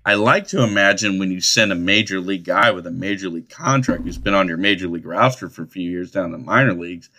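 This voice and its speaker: Male podcast host, low voice with a bright edge, profane and rambling. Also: quick pace, hardly any pauses. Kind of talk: crude casual chat.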